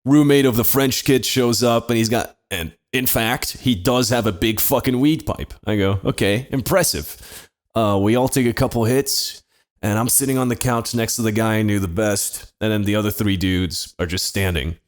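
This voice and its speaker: A man's voice: fairly low pitch, normal speed. A young man on a comedy podcast, casually telling a story, swearing often and laughing.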